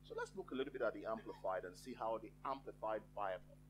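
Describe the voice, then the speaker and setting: A man preaching a sermon in a church, with slow, emphatic phrasing and dramatic pauses. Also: fairly low pitch, a little hiss or hum, poor audio.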